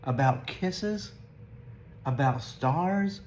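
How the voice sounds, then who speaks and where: A man voicing a loving mother raccoon in a storybook, speaking softly and reassuringly. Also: fairly high pitch, expressive, very slow, slight background noise. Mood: gentle. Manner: soft, reassuring.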